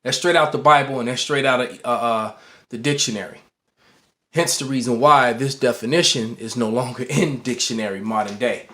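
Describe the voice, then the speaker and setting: A Bible teacher talks casually to a camera in an indoor room with a roomy echo. His voice is medium in pitch, normal in speed and a bit bright, and he often restarts words and checks in with "all right."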